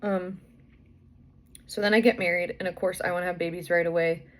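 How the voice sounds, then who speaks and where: A woman's voice: lowish voice, fairly even intonation, brisk. A young woman vlogger, out of breath and pregnant, chatting through a rambling personal story full of fillers and restarts.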